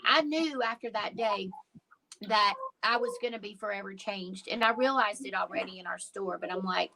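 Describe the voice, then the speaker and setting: A woman's voice: mid-range voice, moderate pace, vocal fry, bright, forceful tone, slight background noise, poor audio. A woman who owns a lingerie store, telling stories as a guest in a casual interview with emphatic, heartfelt energy.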